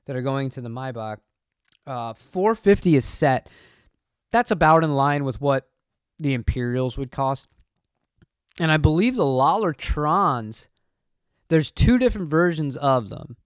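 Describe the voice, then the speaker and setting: A man with a smooth, clear, slightly higher voice chats casually on a live stream. He rambles from point to point, answers viewers, and keeps a friendly talky flow. The sound is close and dry. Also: no echo. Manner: rambling, chatty, reads chat aloud. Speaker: channel host.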